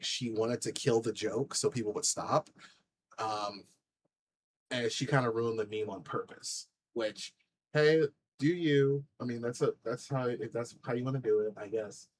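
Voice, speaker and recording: A man in a middle pitch talks through casual reaction commentary as the host, blunt and indignant. He fills gaps with plenty of ums and likes, with a faint hiss of noise under his voice. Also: poor audio. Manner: blunt, indignant, many fillers.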